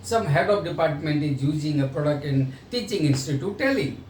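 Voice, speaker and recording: This man speaks in a voice on the high side with a darkish tone, lively and at a moderate pace. He gives a sales training lecture, explaining points and acting out sales dialogues. The recording comes from a distance in an echoey room with faint noise.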